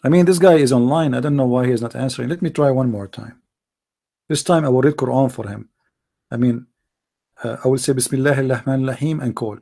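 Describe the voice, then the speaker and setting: A man's voice: mid-range voice, fairly quick, creaky, long pauses, mellow. Emphatic man hosting a live debate stream. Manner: emphatic, rhetorical questions, non-native grammar. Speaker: live debate show host.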